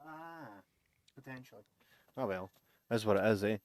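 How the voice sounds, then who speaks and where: A man's voice: lowish voice, animated, moderate pace, dry recording. A young man co-hosting a film-review podcast, joking and bantering in casual chat and reading out listener comments. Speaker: podcast co-host.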